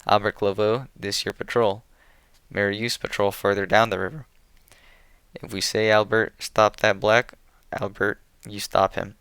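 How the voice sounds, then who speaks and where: A frightened old man who would rather not kill, pleading in slow, broken phrases, as a man reads him aloud. The voice sits low and smooth. It is heard close and dry, like a studio reading. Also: little pitch movement, fairly bright tone, no room sound. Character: old white man, a fearful reluctant killer. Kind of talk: audiobook character reading.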